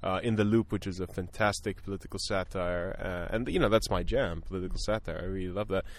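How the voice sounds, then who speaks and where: Low-pitched man, casual film chat, halting and thoughtful. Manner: thoughtful, many fillers and restarts. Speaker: film podcast guest.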